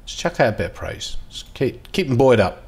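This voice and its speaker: A gaming video host plays a football management game while giving casual, excitable commentary, dropping to mutters and then jumping to loud outbursts. His mid-range voice is brisk and creaky.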